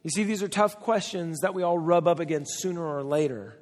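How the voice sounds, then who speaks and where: A man's voice: on the high side, brisk, a little mellow. A man preaching a sermon as a pastor, talking in a conversational, joking way and acting out the voices he quotes. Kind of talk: humorous sermon. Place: church hall. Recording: long reverb from a hall.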